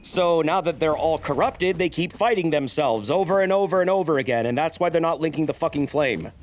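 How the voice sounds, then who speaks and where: A man's voice: a little high, expressive, fairly quick, slight background noise. A man streaming a game, chatting casually and cursing while he explains the lore. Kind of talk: casual gameplay commentary.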